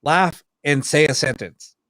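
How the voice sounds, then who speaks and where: A man's voice: on the high side, a little slow, no echo, rough recording. A man co-hosting a podcast, telling a story in casual chat and acting out the quoted lines of other people. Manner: animated, acts out quoted dialogue. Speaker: podcast co-host, paranormal investigator.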